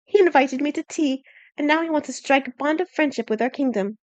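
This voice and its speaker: An earnest young princess speaks in a lifted, pleading voice, as a woman narrator plays her. She sounds high and clear over a dry, close home recording. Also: brisk, no echo, lo-fi sound, close to an everyday voice.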